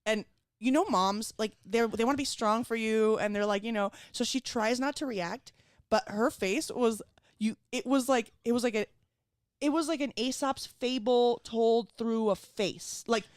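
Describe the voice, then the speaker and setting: A woman's voice: fairly high pitch, moderate pace, no room sound, studio quality. A young adult woman guest on a talk show, telling a story with lots of "like" fillers. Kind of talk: casual chat, storytelling.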